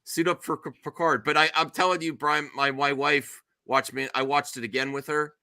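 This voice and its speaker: A middle-aged man hosting a casual podcast chat. He tells stories animatedly and slips into high squeals when mimicking others. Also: steady tone, moderate pace, gravelly, pushed and bright, no echo. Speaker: show host.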